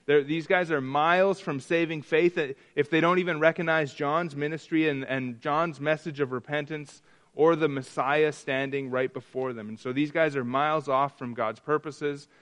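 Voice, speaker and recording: A man's voice: on the high side, fairly even intonation, normal speed, fairly bright tone. A man preaching a sermon in a church, chatting with the congregation, asking them questions and often restarting his sentences. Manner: conversational, asks the congregation questions; many restarts and repetitions. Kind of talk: interactive sermon.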